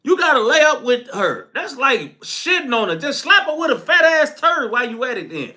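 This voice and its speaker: A young man rants through a solo commentary in a very high, sharp, bright voice. His pitch swoops all over as he gets worked up, crude and laughing. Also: sing-song, normal speed. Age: young adult. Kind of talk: profane solo commentary rant.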